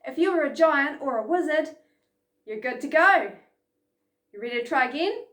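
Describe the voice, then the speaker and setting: A woman leading an energetic children's lesson, chanting and calling out game sounds. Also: high-pitched, moderate pace. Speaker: children's program instructor. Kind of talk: lively kids' lesson from home. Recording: echoey room.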